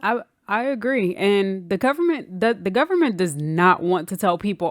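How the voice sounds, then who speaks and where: A woman's voice: mid-range voice, lively intonation, normal speed, few pauses, no echo, clean studio sound. A woman co-hosting a podcast in casual banter, teasing and blunt. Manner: laughing often, teasing, blunt. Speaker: podcast co-host.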